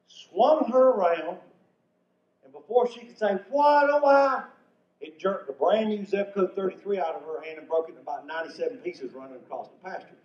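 A man's voice: a little high, slight background noise. An older man from North Carolina, telling stand-up comedy stories in a folksy way. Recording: echoey venue from far off, muffled.

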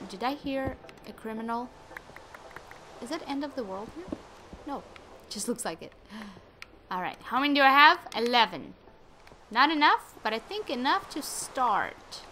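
A woman's voice: a little high, lively intonation, unhurried, long pauses, bright, forceful tone, faint music behind. A woman giving casual gameplay commentary, chatting to viewers and talking to the game with sudden exclamations, sounding a little under the weather. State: slightly sick. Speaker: gaming YouTuber.

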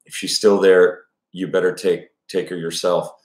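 A man's voice: sits low, level tone, normal speed, darkish tone, natural voice. A man voicing a frightened, tearful college-age woman who pleads near tears. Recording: echoey room.

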